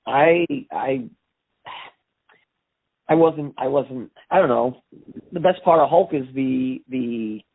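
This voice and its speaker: A man's voice: medium pitch, slow, long pauses. A man calling in as a podcast guest, chatting casually and searching for words. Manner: laid-back, searching for words. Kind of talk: casual phone chat. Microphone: phone call. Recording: tinny phone line.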